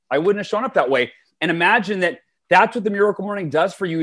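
A man in his forties speaks with a somewhat high voice, chatting as an interview guest. He tells stories in an animated, eager way, doubling words as he gathers his thoughts. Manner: enthusiastic, animated, repeats words when starting phrases. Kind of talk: conversational storytelling.

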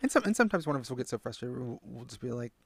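A man's voice: medium pitch, very fast, creaky, husky, no echo. A man co-hosting a parenting podcast, chatting casually and acting out the voices of people he quotes. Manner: animated, acts out quoted voices. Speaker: podcast co-host.

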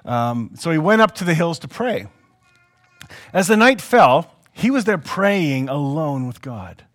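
Animated man reading a Bible lesson. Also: a little high, a little slow. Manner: animated, chatty, jokey storyteller. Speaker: pastor teaching a Bible lesson. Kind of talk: reading scripture aloud with casual asides.

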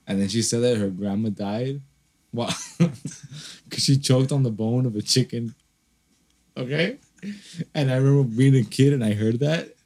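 A man's voice: mid-range voice, measured pace, darkish tone. A man telling rambling stories in casual podcast chat, full of fillers and swearing. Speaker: podcast co-host.

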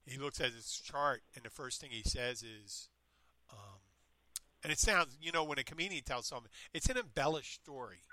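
A man's voice: mid-range voice, normal speed, dry recording. A man in casual chat, telling stories in a meandering way and often interrupting himself. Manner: meandering, self-interrupting, animated retelling. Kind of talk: casual chat, rambling storytelling.

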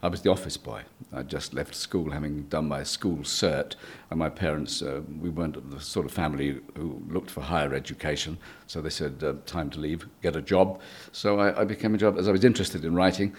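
An older man with a very deep, husky voice, chatting through his memories in an interview. He tells his stories easily and chuckles along the way. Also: a little fast, hardly any pauses. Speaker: guest. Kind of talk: reminiscing interview.

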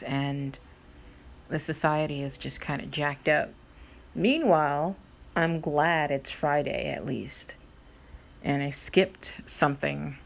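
A woman's voice: sits low, fairly bright tone. A blind woman hosting a podcast, thinking aloud hesitantly in a casual monologue. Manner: thoughtful, hesitant with fillers. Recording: slightly dull recording with faint noise.

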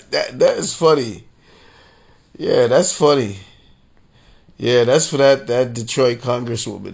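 A man hosting a podcast, giving casual, slangy commentary with frequent laughter and loud exclamations. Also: mid-range voice, gravelly, husky. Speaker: podcast host.

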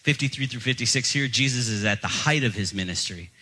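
A young man preaching with a very bright, crisp tone, spinning a self-mocking anecdote for his listeners. His voice sits at an ordinary pitch and keeps a conversational sermon rhythm. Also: fairly quick, a little hiss or hum, low-quality recording. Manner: storytelling, jokey self-deprecating. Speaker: pastor.

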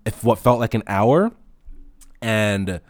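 A man hosting a casual solo podcast, telling profane stories in an animated way and acting out the dialogue. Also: lowish voice, takes it slowly, no echo, clean studio sound. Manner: acts out dialogue in anecdotes. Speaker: podcast host.

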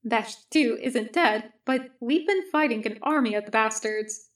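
A steady, no-nonsense male army medic who speaks in careful, formal sentences and likes to lecture his patients. A woman voices him in an unhurried reading, her voice sitting a little high. The words come slowly and deliberately. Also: lightly acted. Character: calm stern male clone army medic.

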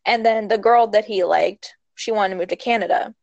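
A young woman talks through a movie plot in a loose, rambling way, full of fillers and asides. Her voice sits at a middle pitch. The sound is dry and a little dull, as if recorded close in a small space. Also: brisk, creaky, no echo. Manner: rambling, expressive retelling with many fillers. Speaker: movie recap talker. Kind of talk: casual chat.

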